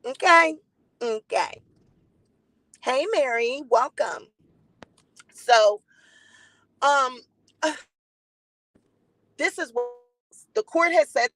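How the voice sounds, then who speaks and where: A woman's voice: sits high, lively intonation, drawn-out words, pauses often, fairly bright tone, no room sound, poor audio. A woman hosting a live-stream gossip commentary, blunt and defiant, swearing freely and greeting chat viewers by name.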